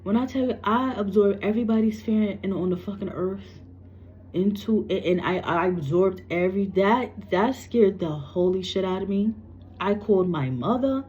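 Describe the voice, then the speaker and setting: A woman's voice: medium pitch, moderate pace, warm tone, slight background noise. A psychic medium, a woman from New York, animatedly tells a personal story to camera and swears freely.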